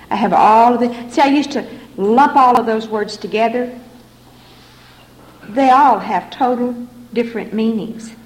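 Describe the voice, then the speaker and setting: A middle-aged woman giving earnest, repetitive personal testimony as a speaker at a recovery meeting in a hall. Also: on the high side. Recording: echoey room recording, faint background noise.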